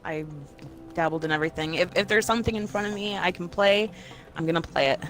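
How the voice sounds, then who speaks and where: A woman's voice: fairly low pitch, fast, a bit bright, soft background music. A woman guest on a gaming podcast, chatting eagerly about the games she loves. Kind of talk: casual gaming chat while playing.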